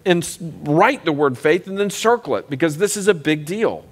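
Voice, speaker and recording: A man teaching a church class as pastor, speaking conversationally and pausing to ask the group questions. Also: on the high side, expressive, slightly rough. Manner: conversational, asks the class questions, frequent restarts.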